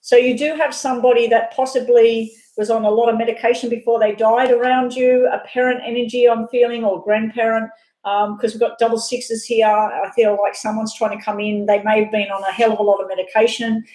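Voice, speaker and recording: A woman doing a live tarot reading, talking fast and rambling off on side chats. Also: on the high side, level tone, a little mellow. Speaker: tarot reader. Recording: echoey room.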